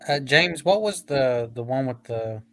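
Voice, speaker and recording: A man's voice: medium pitch, a little slow, faint music behind. A man hosting a writing stream in casual chat, joking with fillers. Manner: joking, relaxed, hesitant fillers.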